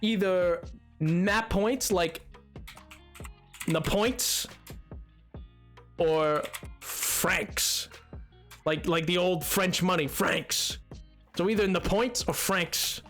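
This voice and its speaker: A streamer chatting casually during a live game session, rambling and excitable, reading chat aloud with frequent restarts and now and then slipping into a joking put-on accent. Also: mid-range voice, extremely slow, pauses often, soft background music. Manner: sometimes puts on a joking accent. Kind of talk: casual livestream chat while playing a building game.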